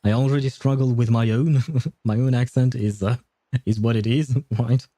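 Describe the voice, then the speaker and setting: A man streaming a game, chatting casually, laughing often and filling pauses with hesitant "uh"s. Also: mid-range voice, steady tone, mellow, no echo. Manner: reads and answers chat aloud. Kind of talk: casual live-stream chat while playing.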